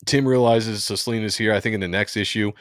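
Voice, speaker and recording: A man hosts a comic book review in casual, crude banter. His voice sits low. The recording is close and dry. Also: fairly even intonation, quick pace, dry recording. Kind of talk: casual chat while reading comics.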